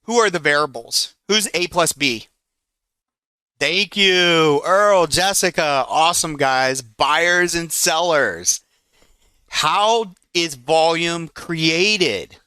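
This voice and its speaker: An eager man in his forties leads a live trading session. His voice is bright and forceful, clean and smooth, recorded close and dry. He talks in a chatty, excitable way and keeps breaking off to handle trades. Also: a little high, slow, no echo. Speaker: trading educator. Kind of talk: live trading room teaching.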